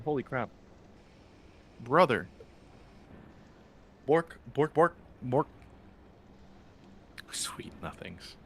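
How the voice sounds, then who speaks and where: A man's voice: on the low side, fairly bright tone, slight background noise. A man streaming a game, chatting casually and joking with viewers in a rambling way. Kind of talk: casual live-stream chat.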